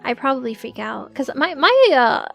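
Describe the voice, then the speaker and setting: A young woman streamer chats casually to her audience in a fairly high voice. She giggles often and scatters "like" through her sentences. Soft music plays quietly behind her. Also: big pitch swings, moderate pace, gravelly, lo-fi sound. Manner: chatty, giggly, full of filler "like"s. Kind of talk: casual live-stream chat.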